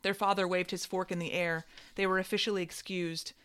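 Woman narrator with a somewhat low voice, wry and measured, reading literary fiction. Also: flat delivery, fairly bright tone, smooth.

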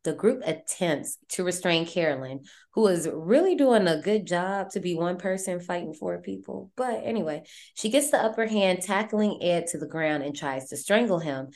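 A woman with a lowish voice hosts a podcast, retelling a horror film in loose, chatty slang. She talks animatedly and swears freely. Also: expressive, moderate pace, a little mellow. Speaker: podcast host. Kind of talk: casual horror movie recap.

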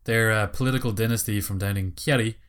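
A man's voice: fairly low pitch, steady tone, fairly bright tone. A man from Ireland co-hosting a podcast, chatting casually and laughing often at his own jokes. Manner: laughs often, quick to joke. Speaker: podcast co-host. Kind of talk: casual chat.

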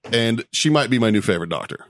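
A man's voice: mid-range voice, quick pace, dry recording, clean studio sound. A man hosting a podcast in casual chat, telling a story with lots of laughs and swearing. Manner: animated storytelling, laughs a lot, swears freely. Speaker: podcast host.

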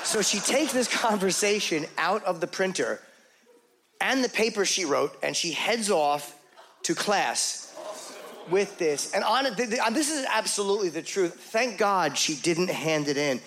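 A middle-aged man telling a crude, self-mocking story in stand-up comedy, rambling and animated. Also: high voice, a little slow, some chatter behind, a little hiss or hum.

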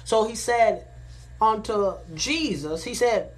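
A woman preaches a sermon, reading Bible verses and then repeating and paraphrasing them in plain words. She speaks slowly and deliberately, repeating phrases, in an animated, mid-range voice.

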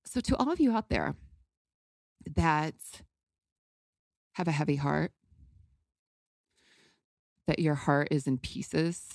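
A woman's voice: deep voice, no room sound, studio quality. A woman hosting a podcast, candidly telling a personal story in an emotional, outspoken way with casual swearing. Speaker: podcast host.

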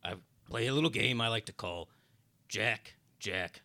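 A man's voice: fairly low pitch, unhurried, vocal fry, bright, forceful tone, dry recording, exaggerated voice. A man playing the Devil as a petty, mocking host of rigged games in an improvised comedy podcast. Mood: teasing. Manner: teasing, smug, cheats and mocks. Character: the male Devil, mocking, petty, gleefully unfair game host. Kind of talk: improvised comedy role-play.

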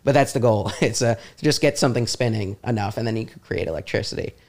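A man's voice: fairly low pitch, fast talker, a little mellow. A young adult man, a comedian guest on a podcast, explaining things in a casual, lightly self-deprecating chat.

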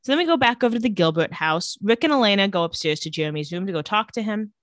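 A woman co-hosting a podcast, recapping a TV episode in casual chat and retelling scenes in a flat, lowered voice. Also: quick pace, dry recording, studio quality.

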